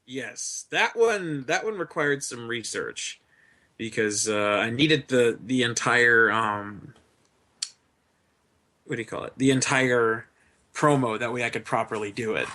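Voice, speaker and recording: A man with a bright, mid-pitched voice speaks as a guest in a casual interview over an online voice call. He is laid-back and chuckles through his answers. He swears freely along the way. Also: unhurried. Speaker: guest, streamer.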